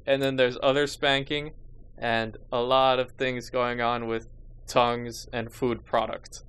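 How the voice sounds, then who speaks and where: A man's voice: medium pitch, little pitch movement, a little slow, a bit bright, clean tone. A man hosting a podcast in casual chat, with wry, sarcastic remarks and laughing asides. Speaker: podcast host.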